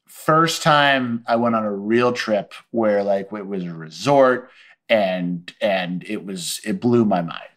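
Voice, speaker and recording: A man's voice: on the low side, slow pace. A man in his forties, a guest on a casual podcast chat, telling comedic stories and acting out the voices of the people in them. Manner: animated storyteller who acts out quoted voices.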